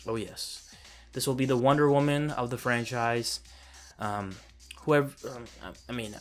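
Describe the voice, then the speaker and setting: A man reviews a film he thinks is ridiculous, ranting casually with profanity and sarcasm and laughing along the way. His voice is medium-pitched, a bit bright, at normal speed, with faint music in the background.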